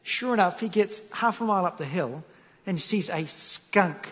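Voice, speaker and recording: High-voiced New Zealand preacher in an echoey hall. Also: male voice, normal speed. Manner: animated, jokey, asks the audience questions. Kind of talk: sermon storytelling. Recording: echoey hall, dull lo-fi sound.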